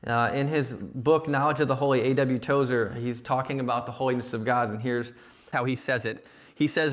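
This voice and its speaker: A man's voice: mid-range voice, steady tone, moderate pace. Man preaching in a casual, chatty way. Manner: conversational preaching, frequent "right?" and "like". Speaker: young adult ministry speaker. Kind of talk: sermon. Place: church retreat session.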